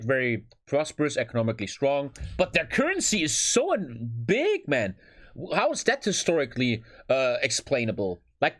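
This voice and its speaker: A man's voice: fairly high pitch, fairly bright tone. A man from Germany with a German accent, giving casual reaction commentary on a stream and swearing freely.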